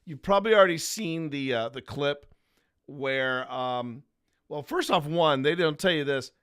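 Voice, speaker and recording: Chatty rambling man, slightly high. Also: measured pace, a bit bright, clean tone. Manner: rambling, chatty, many restarts. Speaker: paranormal investigator host. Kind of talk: casual chat over footage review.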